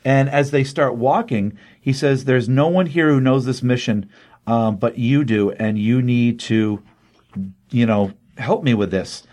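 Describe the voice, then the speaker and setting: The speaker is a man of medium pitch walking through a comic book story casually and with energy, throwing in quick voices for each character he quotes.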